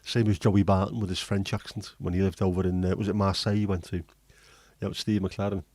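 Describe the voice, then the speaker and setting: A man's voice: low voice, little pitch movement, brisk, darkish tone, no echo. A man hosting a livestream, chatting casually, joking and swearing as he reads viewer comments. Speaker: livestream host.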